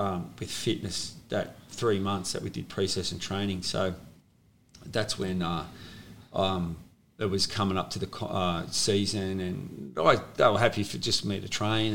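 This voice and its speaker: An Australian man in his fifties talks casually about his past. His low, gravelly voice wanders through stories with plenty of restarts and fillers. He sounds like a former sportsman chatting easily. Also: fairly bright tone, slight background noise. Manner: rambling, with many restarts and fillers. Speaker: guest, former rugby league player. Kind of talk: casual storytelling interview.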